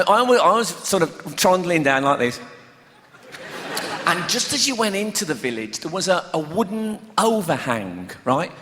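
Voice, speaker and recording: Live stand-up: male comic, a little high-pitched, lively and chatty, recorded in an echoey hall with loud crowd ambience. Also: noisy background. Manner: chatty, animated, laughing at his own stories. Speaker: stand-up comedian. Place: large theatre with a live audience.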